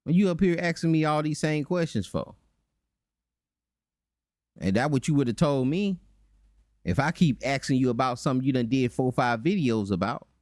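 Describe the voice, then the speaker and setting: Animated man hosting a mocking reaction. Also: medium pitch, moderate pace, pauses often, dry recording, clean studio sound. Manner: animated, mocking, breaks into voices to make points. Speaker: channel host. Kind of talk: reaction commentary.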